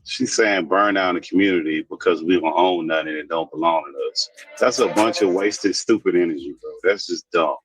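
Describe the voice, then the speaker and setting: Blunt ranting man, husky voice. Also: deep voice, brisk, fairly bright tone, no echo, low-quality recording. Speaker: commentator. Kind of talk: opinionated casual commentary.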